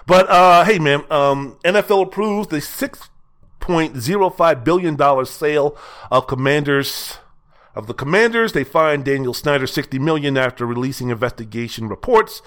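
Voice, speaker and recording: A man's voice: fairly high pitch, moderate pace, fairly bright tone. A man hosting his own sports talk show, giving emphatic, colloquial commentary that is full of repetition. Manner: emphatic, repetitive, colloquial, sings snatches playfully.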